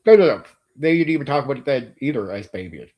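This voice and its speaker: A man's voice: medium pitch, animated, fast, mellow. A middle-aged man, host of a tabletop game channel, ranting in blunt, profane casual talk and repeating himself. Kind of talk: casual opinion rant to a viewer.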